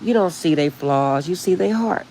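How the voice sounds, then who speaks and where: A middle-aged woman chatting casually with live viewers on her phone, rambling warmly and laughing often. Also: on the low side, lively intonation, moderate pace, slight background noise, rough recording. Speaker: livestream host.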